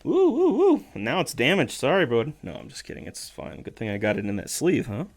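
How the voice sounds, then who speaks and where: A man's voice: mid-range voice, animated, a little fast, soft background music. Chatty man calling out cards on a stream. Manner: chatty, reads names aloud as he goes, jokes and corrects himself. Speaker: streamer opening trading card packs. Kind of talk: casual live-stream commentary.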